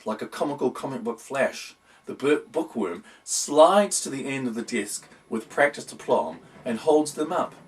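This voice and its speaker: A man's voice: medium pitch, lively intonation, moderate pace. A man narrating a whimsical storybook in a wry, playful tone. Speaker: audiobook reader. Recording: voice distant from the mic.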